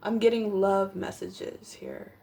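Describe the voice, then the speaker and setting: A young woman does a casual tarot reading into her camera at home. Her voice has a gravelly, creaky edge and sits at an ordinary pitch. She rambles, piles on fillers and keeps breaking off to apologize. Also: steady tone, slow, warm tone. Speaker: tarot reader.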